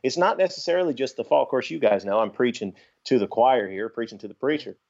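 A man with a mid-pitched voice talking through his views on a podcast, reflective and unhurried. The recording is dull and lo-fi. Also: creaky, darkish tone. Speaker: podcast guest. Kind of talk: casual chat.

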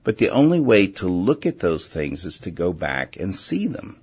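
Low, gravelly-voiced man on Christian radio. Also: sing-song, normal speed, dull audio. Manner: earnest, gentle, restarts words often. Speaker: Christian call-in radio host. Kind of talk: faith-based call-in radio talk.

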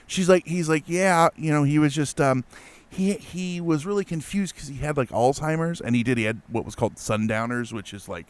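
Man, mid pitch, smooth clear voice, dry close sound; animated casual storyteller. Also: normal speed, dry recording. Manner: animated, lots of fillers and restarts. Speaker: guest telling a ghost story.

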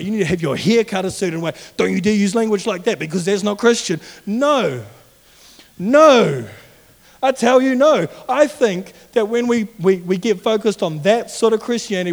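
A man's voice: high voice, a little mellow. A young adult man giving an earnest, conversational sermon as a youth pastor. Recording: long hall reverb.

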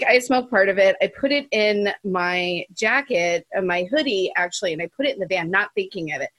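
A woman's voice: medium pitch, a bit bright, dry recording. A woman telling a rambling, laughing story in casual chat, swearing freely. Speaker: guest musician.

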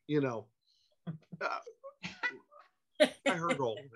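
A man, a podcast guest, telling a casual anecdote in an animated, self-interrupting way, on a dull lo-fi recording. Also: medium pitch, takes it slowly, long pauses, breathy edge.

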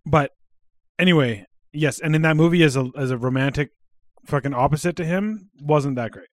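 A man's voice: on the high side, moderate pace, no room sound, clean studio sound. A man hosting a casual podcast chat, laughing often and swearing freely. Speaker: podcast host.

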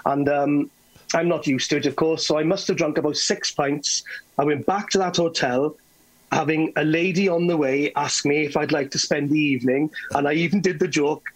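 Welsh guy from the west spinning a yarn, kinda husky, stammers and restarts a lot. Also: a little high, moderate pace, rough recording. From Wales. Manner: animated, stammering restarts, chuckling. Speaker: guest telling stories. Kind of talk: anecdotal storytelling.

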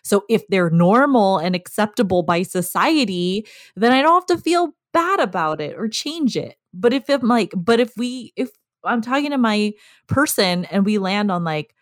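A woman's voice: medium pitch, animated, moderate pace, no room sound. Woman, casual chat, candid, laughing, tearful, dry close sound. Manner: candid, laughs often, emotional. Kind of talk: casual conversation.

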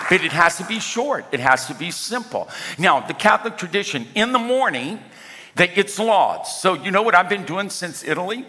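A man's voice: high voice, sing-song, moderate pace, bright, forceful tone, some chatter behind. An older man preaching a sermon as pastor, talking conversationally and often asking the congregation if they follow him. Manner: conversational, asks the congregation for responses. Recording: echoey hall with long reverb.

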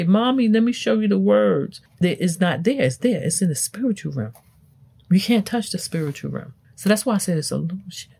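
A woman's voice: dark tone, husky. A woman hosting a self-help show, talking emphatically in a motivational, preachy way. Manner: preachy, emphatic, wide swings in pitch. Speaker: self-help podcast host. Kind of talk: motivational talk.

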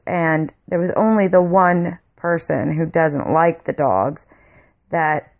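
Low, gravelly-voiced woman rambling. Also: a little mellow. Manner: rambling with frequent restarts; blunt, swears freely. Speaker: vlogger. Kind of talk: casual storytelling to camera.

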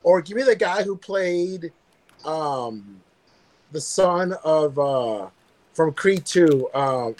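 A man with a somewhat high voice hosts a nerdy news podcast, reading items in a loose, rambling way. He fills gaps with ums and uhs and keeps it casual. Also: slow pace, poor audio. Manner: relaxed, rambling with many fillers.

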